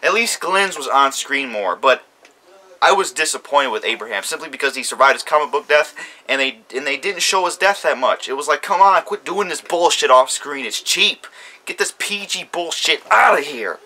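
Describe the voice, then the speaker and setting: A man's voice: on the high side, lively intonation, normal speed, pushed and bright. A man ranting about a TV show premiere, heated, profane and repeating himself. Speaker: YouTube commentator. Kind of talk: ranting TV reaction.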